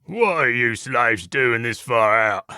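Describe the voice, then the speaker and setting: Cockney wolf thug put on by a male narrator: raspy, slow, rude, gruff. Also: mid-range voice, animated, sharp tone, dry recording, clean studio sound, exaggerated voice. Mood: menacing. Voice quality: sandpaper rasp.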